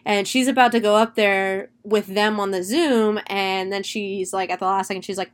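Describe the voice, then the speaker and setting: Young woman rambling thru a movie plot, chatty n sweary, mid pitch. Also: moderate pace. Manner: chatty, animated, swears freely. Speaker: movie reviewer. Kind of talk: casual film recap.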